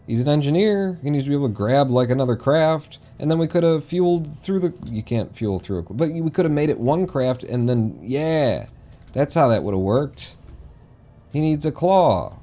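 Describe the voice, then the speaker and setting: A male streamer commenting on his gameplay live in a loose, rambling way, talking to himself and breaking into loud swearing when the game goes wrong. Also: fairly high pitch, lively intonation, moderate pace. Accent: East Coast American, put on.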